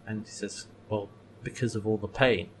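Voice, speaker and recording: A man's voice: on the low side, normal speed, slightly rough. A man in casual podcast chat, recapping a TV episode and animatedly acting out lines. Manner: animated, acts out quoted lines with laughs.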